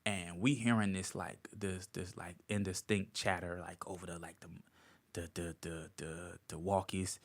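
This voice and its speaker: A comedian from Virginia telling an animated story as a podcast guest, acting out quotes as he goes. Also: deep voice, normal speed. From Virginia, USA. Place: podcast studio.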